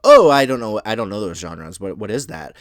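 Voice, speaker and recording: A man's voice: fairly low pitch, sing-song, a little fast, no room sound, studio quality. A man voicing a shy, awkward, polite male forest gremlin who talks hesitantly and stammers. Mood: timid, earnest.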